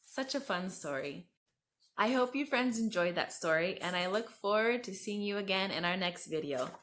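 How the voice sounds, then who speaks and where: A woman reading a picture book aloud to children, gently, talking to her listeners as friends and asking them questions. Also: medium pitch, lively intonation, normal speed, a little hiss or hum. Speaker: children's story reader.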